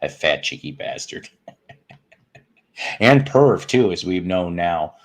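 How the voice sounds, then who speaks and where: A low-pitched man in his fifties talks casually on a home live stream, his voice swinging widely up and down as he greets viewers. He jokes constantly, tossing off puns and salty asides. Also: very animated, slow. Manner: joking, punning, profane asides. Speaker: host of a live music stream. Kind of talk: casual live-stream chat reading comments.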